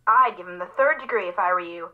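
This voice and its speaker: A woman's voice: on the low side, fast. A teasing young female friend, her voice dull and lo-fi as if over a phone line. She chats playfully. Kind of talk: game voice acting.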